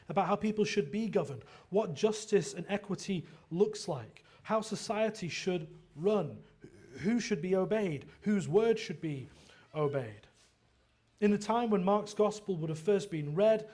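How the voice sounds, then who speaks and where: A man with a high voice delivers an earnest, explanatory sermon. He often trips over a word and starts again, tossing in a quick "right?" to bring the listeners along. He slips into lively quoted lines when he gives a figure's words. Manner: earnest expository preaching with frequent restarts and "right?" asides. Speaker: pastor.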